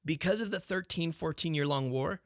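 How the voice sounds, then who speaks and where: A man with a slightly high voice rants on his own talk show, swearing heavily and throwing out rhetorical questions. He breaks off and restarts his sentences as he goes. The recording is dry and close, with no room sound. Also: moderate pace, no room sound. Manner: profane, heated ranting. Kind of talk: unscripted monologue.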